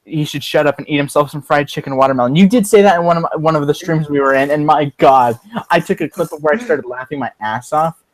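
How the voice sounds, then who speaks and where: A man's voice: on the high side, quick pace. A man chatting casually on a livestream, rambling and profane with frequent fillers and restarts, recorded on a computer mic. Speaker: livestream co-host.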